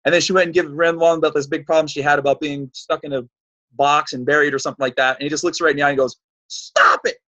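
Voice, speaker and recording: A man's voice: a little high, level tone, rapid-fire, a bit bright, dull audio. A man hosting a fitness show, giving an emphatic, preachy solo monologue full of repeated points.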